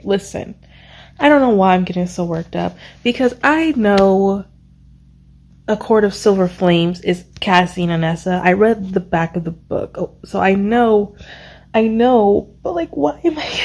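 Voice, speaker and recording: Excitable woman recapping a book. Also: mid-range voice, measured pace, gravelly. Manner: excitable, rambling, searching for words. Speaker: book vlogger. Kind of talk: casual reading vlog recap.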